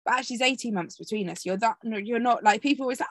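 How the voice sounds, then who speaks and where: A woman's voice: on the high side, racing, fairly bright tone, dry recording. A woman in her twenties hosting a podcast, chatting in a reflective, sweary way. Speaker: podcast host. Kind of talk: casual chat.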